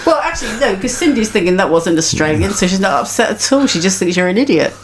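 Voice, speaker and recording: A woman co-hosting a chatty podcast, her pitch rising and falling a lot as she trades dry retorts. Her voice sits at an ordinary height for a woman. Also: very animated. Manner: wry, bantering, quick to retort. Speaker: podcast co-host. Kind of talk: casual chat.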